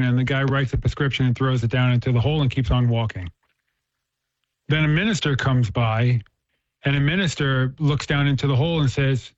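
A man's voice: mid-range voice, a little fast, dry recording. A man in casual conversation, earnestly explaining faith ideas and telling a story. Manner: earnest, storytelling, frequent restarts. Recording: dull, dry lo-fi recording.

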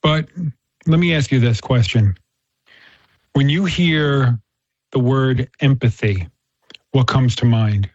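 A man's voice: medium pitch, slow, long pauses, darkish tone, no room sound. A Catholic man in casual conversation, earnestly explaining faith through a story, in a dull, muffled recording.

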